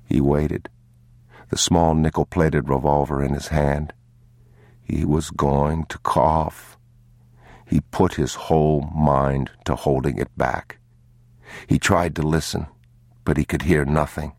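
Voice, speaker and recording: A man narrating an audiobook in a slow, grave, measured manner. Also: a bass voice, level tone, vocal fry, a little mellow, dry recording, studio quality.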